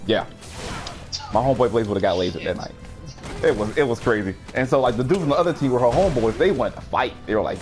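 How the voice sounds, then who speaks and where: Young male streamer, casual storyteller, animated with a swooping voice and frequent laughs, faint music behind. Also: mid-range voice, quick pace. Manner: animated, laughs often, sudden excited outbursts. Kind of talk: casual storytelling while playing a game.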